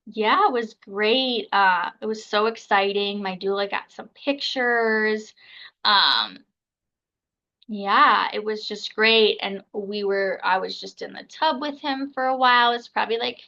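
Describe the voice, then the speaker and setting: A woman's voice: medium pitch, pushed and bright, dull audio. A woman in her thirties, a podcast guest telling a personal story in a casual, chatty way, full of fillers and acted-out quotes. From United States. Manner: chatty, filler-heavy, acts out others' words.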